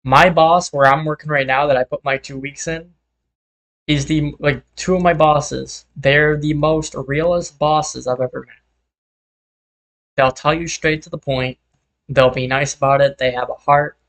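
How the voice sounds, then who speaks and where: A man's voice: on the high side, fairly even intonation, a little slow, fairly bright tone, poor audio. A young man streaming a game, chatting casually and rambling as he vents, swearing freely. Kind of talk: casual chat while gaming.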